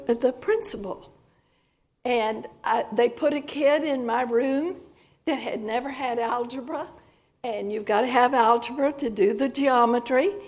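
A woman shares her testimony from church, her voice high and gravelly with a hoarse edge. She speaks slowly and plainly, telling her story in a folksy way and pausing to clear her throat. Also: a little mellow. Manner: slow, folksy storytelling with emotional catches.

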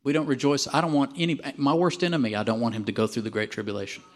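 A man preaching a sermon, animated and emphatic, calling out for amens and dropping at times to a quiet, drawn-out delivery. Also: medium pitch. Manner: animated, calls for amens from the congregation.

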